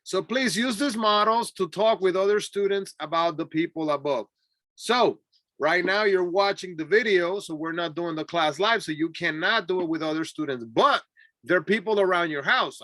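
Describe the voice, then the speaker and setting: A man who speaks Spanish as his first language, teaching an English class with clear, deliberate repeat-after-me drills and an encouraging manner. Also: high voice, pushed and bright, no echo, studio quality. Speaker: ESL teacher.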